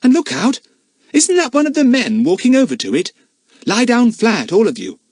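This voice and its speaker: Sensible boy leader voiced by a man, calm, decisive, lively pitch, breathy storybook voice. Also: moderate pace, no echo, clean studio sound, full character voice. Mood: urgent.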